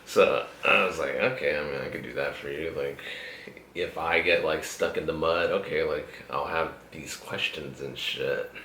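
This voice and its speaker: With an extremely low, pushed and bright voice at a normal speed, a young man hosts a casual chat podcast. He's relaxed, profane and frequently laughing, in an echoey room with slight background noise.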